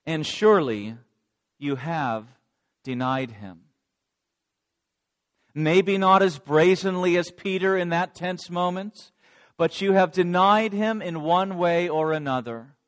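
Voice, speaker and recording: A man's voice: sits high, slow pace, pauses often. Man preaching a sermon. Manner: addresses listeners directly.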